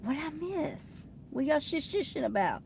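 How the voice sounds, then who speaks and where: Gravelly-voiced woman chatting on a late-night livestream. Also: high-pitched, big pitch swings, moderate pace, darkish tone, slight background noise. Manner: chatty, laughs often, reads and answers viewer comments. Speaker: livestream host. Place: inside her truck.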